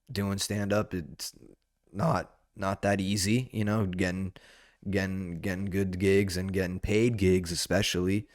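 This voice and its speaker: A young man with a very low voice talks alone into a podcast mic, rambling and profane, dropping "dude" every few words. The sound is close and dry, with no room around it. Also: dry recording. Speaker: podcast host. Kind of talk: solo casual podcast monologue. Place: indoor podcast setup under lights.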